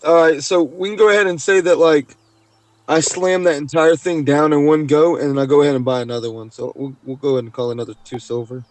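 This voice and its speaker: A man's voice: a little high, fairly even intonation, fast, no echo. A man playing a tabletop game, laid-back and crude in casual talk. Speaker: player.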